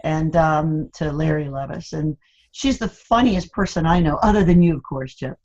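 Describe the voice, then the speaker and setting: An older woman, a guest in a candid interview, who tells stories with animated, teasing humor and laughs often. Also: low-pitched, normal speed, dull audio, a crowd in the background. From United States, Cuban American family.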